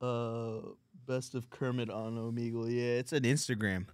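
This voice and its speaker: A man's voice: mid-range voice, level tone, normal speed, a little mellow, no room sound. A man hosting a comedy podcast, telling crude, rambling stories in casual banter. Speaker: podcast host.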